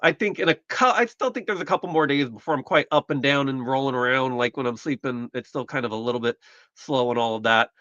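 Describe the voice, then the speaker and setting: A man's voice: mid-range voice, fast talker, bright, forceful tone, no room sound, highs cut off. A man from the United States hosting a casual live stream, chatting in a rambling, self-correcting way while recovering from surgery. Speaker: livestream host.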